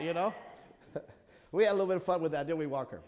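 A man preaching a sermon, animated, calling on members of the congregation by name and quoting scripture. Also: a little high, a little fast. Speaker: pastor. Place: church. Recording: long reverb of a church hall.

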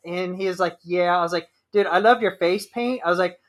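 High-pitched and talking a little fast, a man shares stories while co-hosting a podcast, keeping it casual and swearing liberally.

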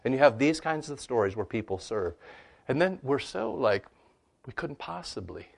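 A man answering questions about scripture in a conversational teaching style, animated and full of "you know" and "right?" asides. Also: mid-range voice, moderate pace, creaky, husky.

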